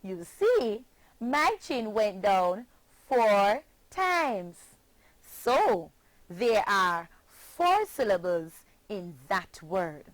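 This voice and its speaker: A woman's voice: medium pitch, very animated, no echo, rough recording. A Jamaican woman teaching children a pronunciation lesson, chanting phrases and spelling words out letter by letter. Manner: slow, sing-song chanting with patient spelling out.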